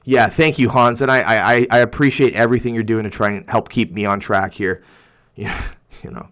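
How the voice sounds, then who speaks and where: A man's voice: mid-range voice, fairly even intonation, normal speed, fairly bright tone. A young man hosting a livestream, reading viewer comments aloud in a heated, rambling rant full of restarts. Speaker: YouTuber reading chat.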